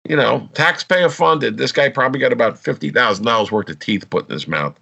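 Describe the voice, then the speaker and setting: A man's voice: mid-range voice, brisk, creaky, husky, lo-fi sound. A man telling police stories in a casual chat, acting out the voices of the people he describes. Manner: animated storyteller, acts out quotes.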